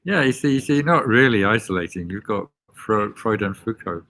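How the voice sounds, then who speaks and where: Low-ish guy hosting, asks quick curious questions. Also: animated, fairly bright tone. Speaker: host. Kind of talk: casual chat.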